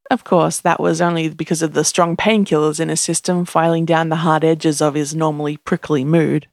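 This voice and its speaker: Gravelly narrator reading a story, dry close mic, same voice for everyone. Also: mid-range voice, normal speed, few pauses, dry recording. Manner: reads every character in one steady voice. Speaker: audiobook narrator.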